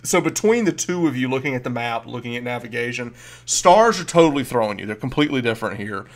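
A man talks through a tabletop scene as game master. He is easygoing and halting, full of ums and restarts. His voice sits mid-range. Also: medium pitch, lively intonation, vocal fry. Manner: casual, halting, many fillers.

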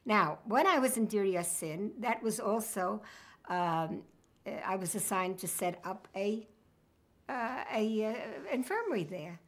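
A woman's voice: mid-range voice, expressive, measured pace, a bit bright. Older woman recalling the past. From United States. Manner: reminiscing storyteller, wry humor. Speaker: interviewee. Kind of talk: oral history interview.

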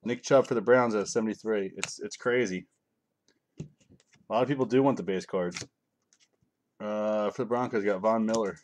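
Here the card-break host, a middle-aged man, has a fairly low, darkish voice at normal speed, broken by long pauses, with slight background noise. He reads out cards and jokes offhandedly with his viewers in relaxed live-stream chat.

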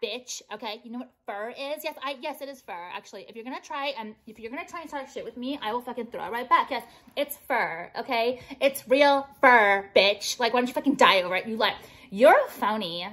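A woman vlogger vents to her viewers in a combative, profanity-laced rant. Her voice sits fairly high, and she leans on "like" throughout. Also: animated, fast, a bit bright. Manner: profane, combative, heavy filler "like". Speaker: jewelry brand owner and vlogger.

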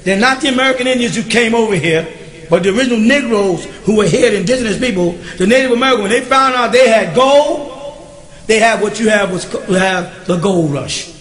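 A man's voice: high voice, expressive, brisk, fairly bright tone, reverberant. A man teaching a recorded question-and-answer class, speaking emphatically and often checking that his listeners follow him.

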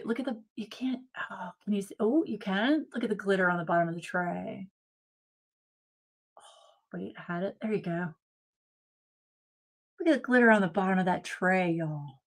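A woman hosting a casual live-stream craft unboxing from home, gushing and excitable as she chats to viewers. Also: mid-range voice. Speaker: craft channel host.

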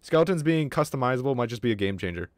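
A man streaming a game live, with casual, excitable commentary, lots of swearing and remarks aimed at his chat. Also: mid-range voice, rapid-fire, no echo, studio quality. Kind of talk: casual livestream gaming commentary.

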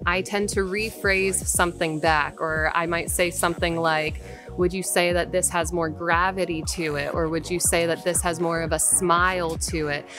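A woman voice actor talking casually and explaining how she takes direction, careful and measured. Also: lowish voice, steady tone. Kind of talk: casual advice talk. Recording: faint background music.

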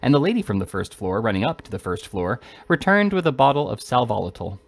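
Brief: amateur male reader, plain steady narration of a classic novel. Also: mid-range voice, fast, vocal fry. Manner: steady, occasional slips and restarts. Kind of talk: reading a classic novel aloud.

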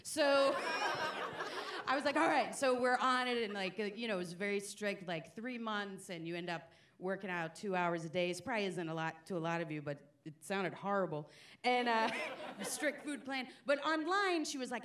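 A woman's voice: mid-range voice, normal speed, fairly bright tone. A woman comedian in her forties telling self-deprecating stories on stage, acting out the quotes. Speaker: stand-up comedian. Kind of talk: stand-up comedy storytelling. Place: comedy stage before a live audience. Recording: live audience laughter behind.

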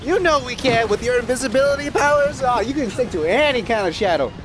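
A playful man chatting through a game session with a lively, swooping delivery that keeps jumping up and down. He jokes and swears and drops into silly put-on voices. Soft game music sits behind him. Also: quick pace. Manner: playful, goofy and profane, breaks into silly high put-on voices. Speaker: video game let's player. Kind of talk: casual gameplay commentary.

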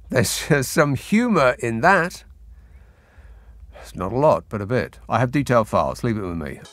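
Male talk-radio host, lively sardonic delivery, dry studio sound. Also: mid-range voice, moderate pace, pauses often, dry recording. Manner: wry, exasperated and sardonic. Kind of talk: late-night phone-in talk. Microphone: studio mic.

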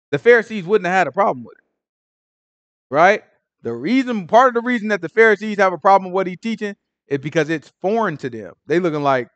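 Brief: male Bible teacher, fairly high voice, dry close sound, loose conversational delivery, keeps checking in with listeners. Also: fairly bright tone, dry recording. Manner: conversational, repeats "right?", acts out Pharisees in slang. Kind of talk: informal Bible study teaching.

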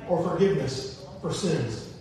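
High-voiced pastor preaching in an echoey church. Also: male voice, animated, measured pace, dark tone. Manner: conversational preaching with repetitions, acts out quoted voices. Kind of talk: sermon. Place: church sanctuary. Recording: echoey church hall, distant mic, faint hiss.

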